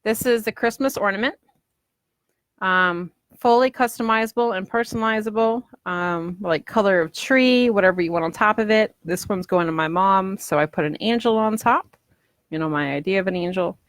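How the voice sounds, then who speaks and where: A woman's voice: medium pitch, moderate pace, fairly bright tone, no room sound. A woman crafter chatting casually through a live demo at home, rambling and acting out what customers might say. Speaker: polymer clay crafter selling ornaments.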